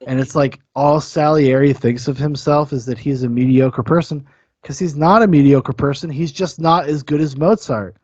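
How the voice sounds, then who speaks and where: A man's voice: a little high, steady tone, normal speed, darkish tone, no room sound, lo-fi sound. A man hosting a podcast, talking in a rambling, profane, enthusiastic way about a film. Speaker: podcast host. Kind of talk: casual film-review chat.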